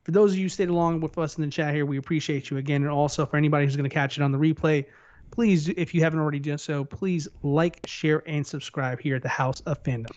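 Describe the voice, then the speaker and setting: A male host leads a casual fan podcast in a blunt, teasing manner. His voice sits somewhat high. The sound is dull and lo-fi, like muffled online-call audio. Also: fairly even intonation, fast, a little mellow. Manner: blunt, teasing, challenges the others. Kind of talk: casual panel chat.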